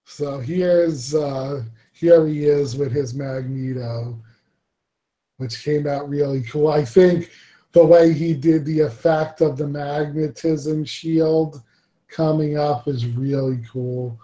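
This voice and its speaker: Slow relaxed man in a roomy echo. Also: a little high. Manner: relaxed, laughs easily, gives shout-outs. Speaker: podcast host. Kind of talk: casual panel chat.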